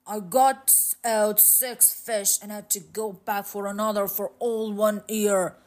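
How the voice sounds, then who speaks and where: A woman reading a storybook aloud and voicing an uneasy, rough-spoken male frontier trapper with plain, slangy grammar. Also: mid-range voice, fairly even intonation, takes it slowly, darkish tone, lightly acted.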